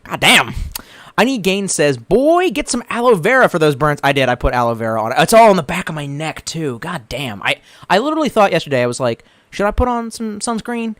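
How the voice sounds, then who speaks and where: A man streaming live reads viewers' comments and rambles casually with lots of profanity, retelling jokes in put-on voices. His voice sits high and sing-song with a fairly bright tone, a little fast with hardly any pauses, in a studio-quality recording with no echo.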